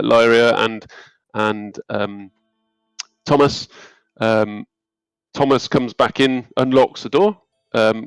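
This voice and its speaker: A man's voice: medium pitch, vocal fry, clear, resonant tone, no echo, poor audio. A man narrating a tabletop game as game master in a rambling, hesitant way.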